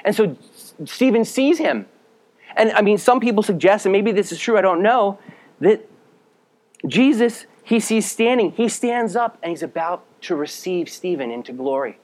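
Male pastor, slightly raised voice, earnest sermon delivery, direct address, drops quiet for weight. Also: expressive, normal speed. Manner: reads scripture aloud, then explains it; drops to a low, quiet voice for emphasis.

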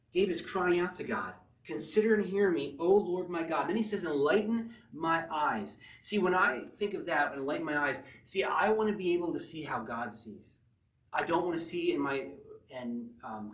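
A man's voice: fairly high pitch, far from the mic. Earnest male pastor preaching in an echoey room. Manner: earnest preaching, rising to near-shouts with spontaneous laughs. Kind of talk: sermon.

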